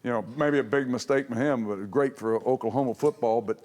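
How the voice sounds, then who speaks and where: A man's voice: mid-range voice, brisk, a little mellow. An older man, a former head coach, telling folksy, boisterous stories on a reunion panel and laughing through his punchlines. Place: large event hall. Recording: echoey hall.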